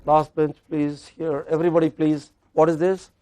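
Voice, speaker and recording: A man's voice: on the high side, little pitch movement, normal speed, crowd noise. A man with an Indian English accent teaching pronunciation to a class and drilling students with repeated questions. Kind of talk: classroom lecture.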